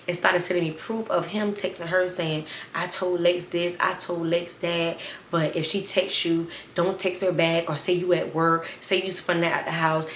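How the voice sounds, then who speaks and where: A woman, telling a story in a sassy, animated way and talking straight to viewers. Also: fairly low pitch, echoey room, slight background noise. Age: 20s. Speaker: storytime vlogger. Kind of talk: casual storytime.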